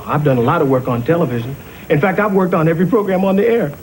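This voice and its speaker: A man's voice: fairly high pitch, fast, darkish tone, a little hiss or hum, close to an everyday voice, poor audio. An actor playing an eager, folksy male TV repairman in a sitcom. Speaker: TV repairman turned writer. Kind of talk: sitcom acting.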